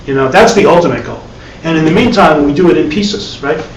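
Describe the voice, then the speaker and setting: Man, spiritual teacher, fairly high voice, conversational, wry asides, echoey room, distant mic. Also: animated, brisk, slight background noise. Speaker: meditation teacher. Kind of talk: live dharma class talk. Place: classroom with a live audience.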